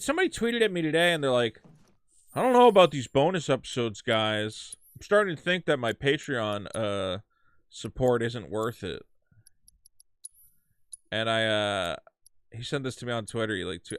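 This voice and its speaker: Animated, cursing male game streamer. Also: mid-range voice, fairly quick, smooth, dry recording. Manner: profane, ranting, animated. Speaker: streamer and podcast host. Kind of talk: casual gameplay commentary.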